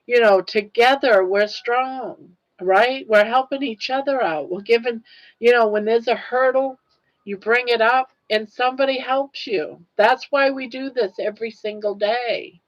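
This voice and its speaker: Older lady chatting on her live stream, kinda teary, talks real slow and earnest to her viewers. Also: fairly high pitch, dull audio. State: tearful. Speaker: livestream host. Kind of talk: casual livestream chat.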